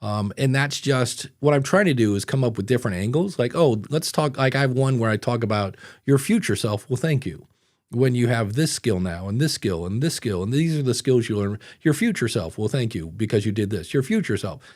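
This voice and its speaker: A man hosting a podcast in casual chat, animated and given to silly voices. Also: mid-range voice, fairly quick. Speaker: podcast host.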